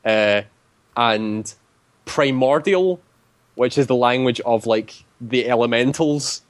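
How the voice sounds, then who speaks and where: A man's voice: medium pitch, slow pace, dry recording. Casual male storyteller, rambling delivery full of fillers, dry close sound. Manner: rambling, heavy use of "like" fillers. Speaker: tabletop game player.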